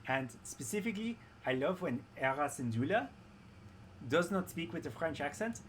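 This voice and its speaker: A man's voice: medium pitch, noisy background. A man talking casually and enthusiastically about fiction, rambling with restarts and often checking in with "right?". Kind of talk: casual chat.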